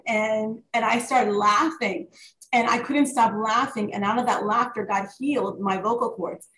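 A woman author and pastor sharing her story in an interview, animated and full of fillers and restarts. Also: fairly high pitch, normal speed. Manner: animated, many fillers and restarts, warm testimony. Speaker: author guest; worship leader and pastor. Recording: echoey room with faint noise.

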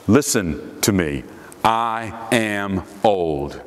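A man's voice: low voice, big pitch swings, a little slow, voice pushed down. A man voicing a stubborn old priest. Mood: insistent. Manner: insistent, repeating himself. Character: stubborn old priest protesting his age.

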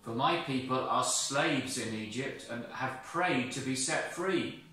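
A man voicing God as a commanding, kindly male divine voice, speaking loudly and firmly in a very echoey space some distance from the mic. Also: mid-range voice, measured pace.

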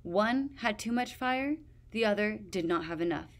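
Woman reader doing a stubborn male dragon guard for a storybook, steady and insistent. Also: medium pitch, close to an everyday voice. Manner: stubborn, measured testimony.

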